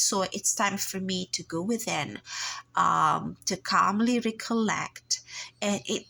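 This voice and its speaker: A woman with a stuffy, nasal voice from blocked sinuses, calmly doing a personal tarot reading and reading passages aloud from a guidebook, with many pauses and fillers. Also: medium pitch, vocal fry, poor audio. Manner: calm, reflective, unhurried with frequent fillers. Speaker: tarot reader and channel host.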